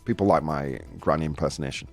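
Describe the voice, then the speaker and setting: A man hosting a casual live-streamed chat show, jokey and animated, reading viewer comments aloud. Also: rumbling low, fast talker, faint music behind. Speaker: show host.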